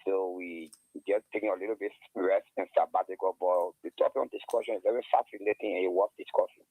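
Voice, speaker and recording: A man's voice: low-pitched, fairly even intonation, fast, dry recording. A man calling in to a radio talk show, speaking heatedly and repeating words as he pushes his point. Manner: fiery, repeats words, rising to shouts. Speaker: caller. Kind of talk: heated call-in commentary. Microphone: phone. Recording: tinny phone line.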